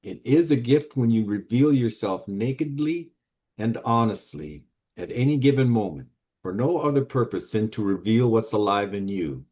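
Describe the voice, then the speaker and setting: A man in a discussion group, speaking in a thoughtful, measured way as he shares his reflections. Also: on the low side, expressive, mellow. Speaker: group member reading a question.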